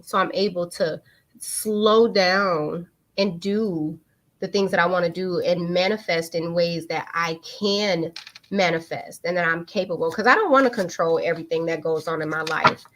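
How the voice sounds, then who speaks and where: A woman's voice: on the low side, normal speed, slight background noise. A woman, hosting a live online talk and candidly telling a personal story in casual speech. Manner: candid, animated, swings into lively quoted voices.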